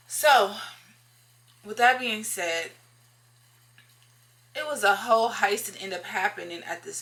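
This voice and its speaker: A woman's voice: mid-range voice, gravelly, sharp tone. A woman telling a personal story in a casual, emphatic way, often repeating lines for effect and talking straight to her viewers.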